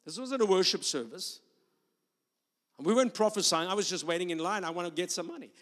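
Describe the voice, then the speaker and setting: Male preacher, high-pitched, shifts from storytelling into loud prophetic proclamation; long hall reverb. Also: lively intonation, fairly quick. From South Africa or Australia. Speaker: guest preacher. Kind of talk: sermon with prophetic ministry. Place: church sanctuary.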